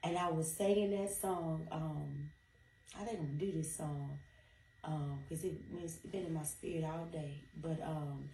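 A woman's voice: low-pitched, steady tone, unhurried, warm tone, slight background noise. A woman co-hosting a casual faith chat, affirming and echoing her co-host's words. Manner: affirming, echoes her co-host. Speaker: podcast co-host. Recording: roomy sound from a distance.

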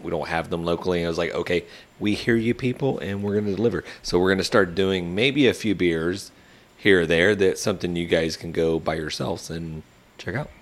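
A man with a very low, deep voice, keeping a casual beer-review chat on track. He tosses in jokes between points. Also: a bit bright. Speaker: podcast co-host.

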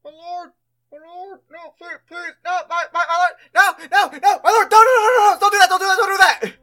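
A game master voicing a panicky servant man who stammers and pleads in a high voice. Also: normal speed, bright, forceful tone, natural voice. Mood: frantic pleading. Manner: high-pitched, stammering, cries out.

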